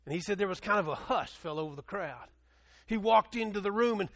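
Male pastor, high voice, animated sermon storytelling, loud bursts then hushed. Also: brisk.

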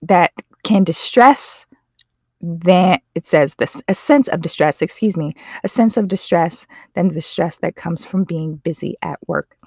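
A woman's voice: lowish voice, a little slow, husky, no echo, clean studio sound. A woman hosting a podcast, talking earnestly and emotionally, often correcting herself as she goes. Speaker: podcast host. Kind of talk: casual podcast monologue.

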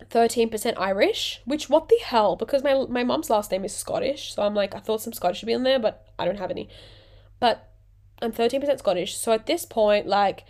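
A woman chats on her own podcast, wandering from one aside to the next. She is jokey and self-mocking and drops slang freely. She sounds a little sick and worn out, and her pitch sits in the middle range. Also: brisk, a little mellow. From Australia. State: sick and tired. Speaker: podcast host. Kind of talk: casual solo podcast chat.

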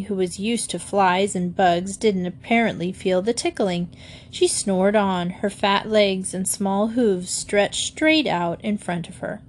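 A woman reading a children's book aloud with expressive storytelling. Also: medium pitch. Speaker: reader.

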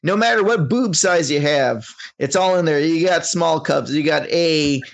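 A man's voice: fairly high pitch, normal speed, creaky. A man co-hosting a casual film podcast, talking in a crude, rambling way with frequent laughs. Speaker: podcast co-host.

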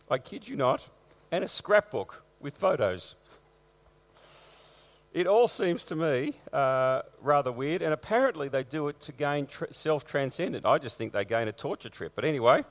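A man's voice: on the high side, creaky, big-room sound. A man preaching as a pastor, conversational with wry asides, with a lingering post-viral cough. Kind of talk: church notices and sermon. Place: church.

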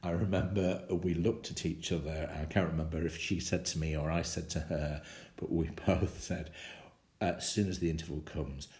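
A man telling a personal anecdote in a lively way, often chuckling as he speaks. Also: low voice, moderate pace. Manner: animated storyteller, chuckles often. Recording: roomy echo.

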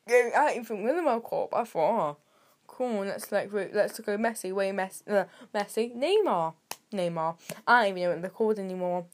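Chatty rambling British girl podcaster. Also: medium pitch. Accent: British English. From Britain. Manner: chatty, rambling and sarcastic, with sudden jumps in loudness. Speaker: podcast host. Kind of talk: casual solo podcast chat.

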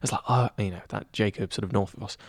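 A young man in his twenties talking in a relaxed interview, chatty and self-deprecating with lots of fillers. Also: fairly low pitch, racing, creaky, no echo, clean studio sound. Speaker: head of news at student radio. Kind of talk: casual interview chat.

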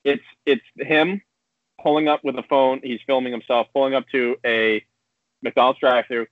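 A man's voice: medium pitch, little pitch movement, moderate pace, dry recording. A man chatting casually on a podcast, winding through a long anecdote and acting out the quoted lines in passing. His voice comes through a narrow, tinny, phone-like line with no room sound at all. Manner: rambling storyteller, acts out quotes. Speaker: podcast co-host. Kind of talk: casual chat.

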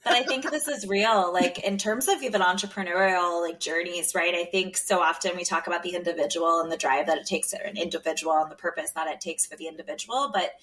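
Host, woman, lowish voice, reflective and affirming, mic somewhat far. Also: fast, hardly any pauses, fairly bright tone. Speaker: podcast host. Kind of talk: interview conversation.

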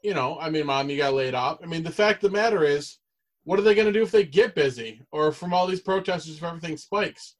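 A man's voice: a little high, quick pace. A man co-hosting a podcast in casual chat, making wry quips and laughing. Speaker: podcast co-host.

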